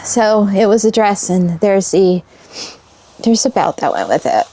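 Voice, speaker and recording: An expressive, mellow woman's voice at medium pitch muses over vintage fabric scraps as she unpacks them on camera. Her show-and-tell vlog is casual and unhurried, with a wistful, sentimental tone directed at her viewers.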